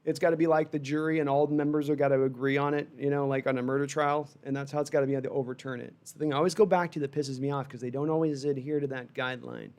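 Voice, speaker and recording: Here a man runs a fan livestream, delivering animated, meandering live reactions to the game while reading chat, with frustrated comments along the way. He speaks at a medium pitch, quickly and with few pauses.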